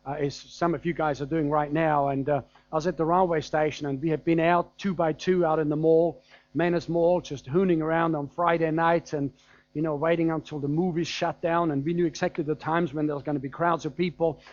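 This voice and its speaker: A man's voice: a little high, level tone, fairly quick, muffled recording. A man with a German accent preaching a sermon in a conversational, anecdotal way, with frequent fillers and chuckles.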